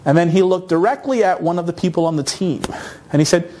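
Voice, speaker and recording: A man from North America giving a conference talk, telling a story in an animated, self-mocking way. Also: sits high, quick pace, a little hiss or hum. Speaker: conference speaker.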